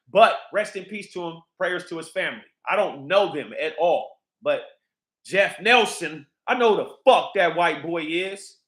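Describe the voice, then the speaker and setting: A man's voice: sits high, pushed and bright, reverberant. A man hosting a livestream, ranting in a heated, profane, repetitive way. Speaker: livestream host.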